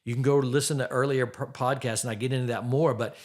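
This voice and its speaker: A man's voice: mid-range voice, steady tone, quick pace. A middle-aged man hosting a faith-based podcast, giving earnest relationship advice and asking the listener direct questions.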